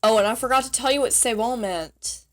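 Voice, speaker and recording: A woman's voice: a little high, brisk, fairly bright tone. Giggly rambling young woman teaching French. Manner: giggly, rambling, self-deprecating. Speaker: vlogger teaching basic French. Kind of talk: casual chatty tutorial.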